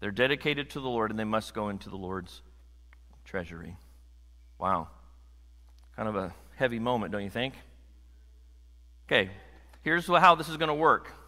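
A man preaching a sermon to a congregation in a conversational, animated way, joking with the room. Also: lowish voice, normal speed, long pauses. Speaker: pastor. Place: church sanctuary. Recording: long hall reverb.

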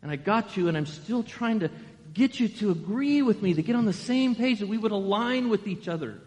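Pastor doing God, pleading with a stubborn prophet, raised voice, long hall echo. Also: male voice, high-pitched, lively intonation, brisk, darkish tone, pitched above the performer's own voice.

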